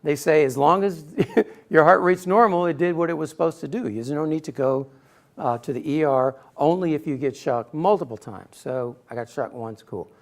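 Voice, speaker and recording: Animated storytelling man, high-pitched. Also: normal speed. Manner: animated storyteller, acts out quotes with sudden bursts. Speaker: speaker giving a personal talk. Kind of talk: storytelling speech to an audience.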